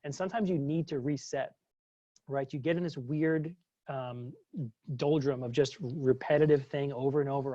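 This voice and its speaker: A man's voice: medium pitch, fairly even intonation, fairly quick, darkish tone, no room sound. A man gives a casual webinar talk as a former psychologist, chatty and full of fillers and restarts. The sound is dry and a little dull, like a computer mic on a video call.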